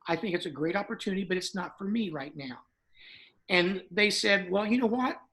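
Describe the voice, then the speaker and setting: A man's voice: sits high, animated, a little fast, fairly bright tone, rough recording. A man in his sixties with a Southern American accent, a dentist guest telling his story in a folksy, chatty way. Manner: folksy, chatty, recounts with quoted dialogue. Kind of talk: casual interview storytelling.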